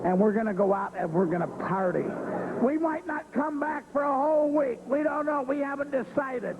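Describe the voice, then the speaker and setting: A taunting male wrestler threatens his rival in a very high, strained voice, dropping to hushed menace and then rising again with a cackle. It sounds like archival 1970s TV footage with a faint hiss. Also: moderate pace, narrow, tinny audio. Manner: taunting, cackling, swings between loud threats and hushed talk. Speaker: pro wrestler cutting a promo.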